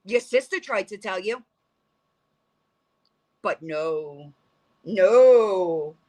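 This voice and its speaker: A commentary vlogger, a woman with an expressive, slightly mellow mid-range voice, delivers an angry reaction rant very slowly. She's heated and profane, confronting someone directly.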